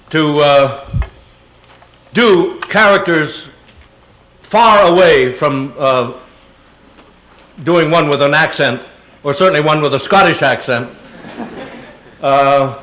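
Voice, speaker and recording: An older man, fairly bright in tone and a little high, is a guest speaker fielding audience questions at a public Q&A. He rambles through chuckling stories packed with fillers, and the hall sounds echoey.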